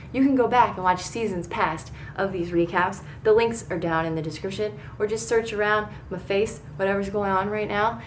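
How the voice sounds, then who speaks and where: A woman in her thirties talks through a reality TV recap in a casual, rambling way, swearing freely and getting worked up over the action. Her pitch sits in the middle of the usual range. Faint background noise sits under her voice. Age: 30s. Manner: excitable, profane, rambling. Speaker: TV recap vlogger. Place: bedroom.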